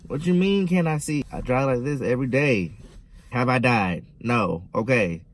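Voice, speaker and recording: A man's voice: mid-range voice, moderate pace, soft background music, close to an everyday voice. Guy doing a reckless driver in a comedy sketch, cocky and dismissive, plain mid voice. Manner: cocky, brushing off worries.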